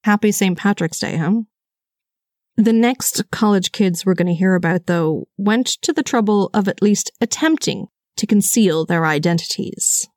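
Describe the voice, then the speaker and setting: A woman podcast host reading scripted true-crime narration, with brisk, conversational asides. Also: mid-range voice, expressive, a little mellow, dry recording, studio quality.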